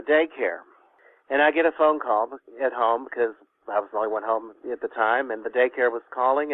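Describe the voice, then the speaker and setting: A man's voice: mid-range voice, no room sound. A man with a Kentucky Southern accent calling in to a talk show and telling a rambling, folksy story. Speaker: caller. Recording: dry, tinny phone line.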